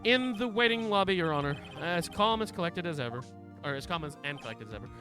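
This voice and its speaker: A man voicing a smug, composed male prosecutor, speaking low and deliberately. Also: lively intonation, music in the background, lightly acted. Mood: aloof.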